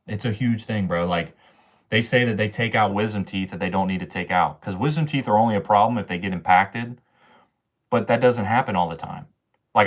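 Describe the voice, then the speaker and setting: A young man talks to his livestream chat in a loose, slangy rant full of swearing. His voice sits on the low side, and his talk is offhand and casual. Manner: slangy, ranting, swears often.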